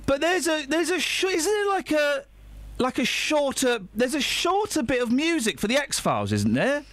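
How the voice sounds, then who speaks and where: A man's voice: very high voice, moderate pace, no room sound. A man hosting a live radio show, teasing and joking with his co-hosts and guests. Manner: teasing, jokey, animated. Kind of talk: playful live radio banter.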